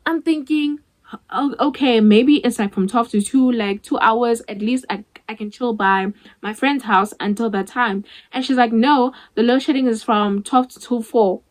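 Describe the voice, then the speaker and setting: A woman's voice: fairly high pitch, moderate pace, rough recording. A young South African woman in her twenties telling a storytime vlog in a chatty way, acting out the dialogue with many "like" fillers. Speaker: vlogger.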